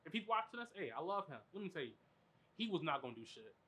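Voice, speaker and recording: A man hosting a podcast, telling a story in animated, profane, filler-heavy casual chat. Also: on the high side, quick pace, husky. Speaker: podcast host.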